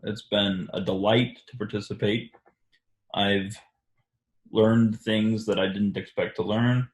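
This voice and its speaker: A man hosting a reflective religious discussion, speaking haltingly with many restarts and fillers. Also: lowish voice, steady tone. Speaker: discussion host. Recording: echoey room.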